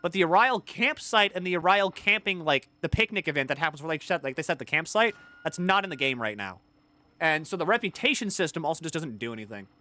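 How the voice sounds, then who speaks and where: A male streamer chatting casually while playing a game, rambling and excitable, swearing freely. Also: on the high side, fast talker. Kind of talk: casual gaming-stream chat.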